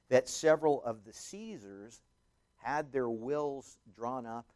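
A man preaching a sermon, emphatic and swelling loud on scripture, with many fillers and restarts. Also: on the low side. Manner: rambling with frequent fillers and restarts. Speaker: pastor.

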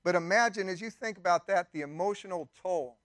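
High-voiced man preaching a sermon. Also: fairly quick, fairly bright tone, dry recording, studio quality. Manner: conversational preaching with emphatic rises and asides. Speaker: pastor.

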